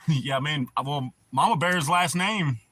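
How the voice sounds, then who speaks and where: Male streamer, casual host; bright, husky tone, rambling and profane. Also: fairly high pitch. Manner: rambling, laid-back, swears often. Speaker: livestream host. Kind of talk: casual livestream chat.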